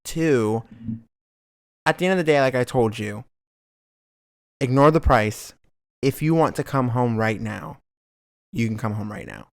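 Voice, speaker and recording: A young man with a gravelly voice co-hosts a casual podcast, speaking at a middle pitch. He is supportive and halting, full of fillers. The sound is close and dry. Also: no room sound. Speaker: podcast co-host.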